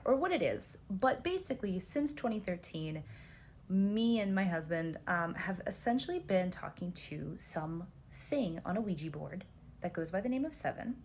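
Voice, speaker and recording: A woman's voice: mid-range voice, slight background noise. A woman telling an earnest first-person story for social media, hesitant and full of restarts and fillers.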